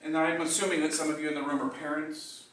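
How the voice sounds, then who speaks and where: Brief: older male public speaker, bright tone, deliberate pauses, distant mic in a reverberant hall. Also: a little high, flat delivery. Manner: dramatic pauses, slows down for emphasis. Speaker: contest speaker. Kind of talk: storytelling public speech. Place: meeting room or hall.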